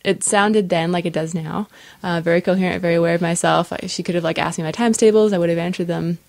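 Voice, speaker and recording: A young adult woman co-hosting a podcast, telling a story in casual chat, animated and laughing often. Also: fairly low pitch, fast, creaky, no room sound. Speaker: podcast co-host.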